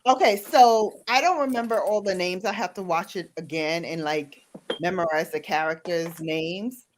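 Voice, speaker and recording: A woman hosting a casual chat while doing her makeup, talking about a TV show in a chatty, animated way. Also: on the low side, normal speed, slight background noise. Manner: chatty, animated, recounting shows. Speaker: host.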